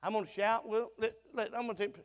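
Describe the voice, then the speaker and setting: A man from Alabama with a Southern accent preaching a revival sermon through a sound system in a church auditorium, fervent and plain-spoken, swinging between loud bursts and soft asides. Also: high-pitched, little pitch movement, fast talker. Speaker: visiting preacher. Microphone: church sound system mic. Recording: long auditorium reverb.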